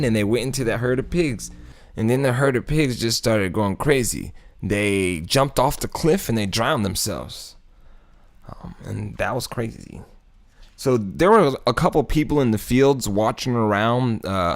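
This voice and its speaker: A man hosting a casual Bible study video, retelling the story in a laid-back, slangy way with frequent chuckles. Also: medium pitch. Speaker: YouTube Bible study host.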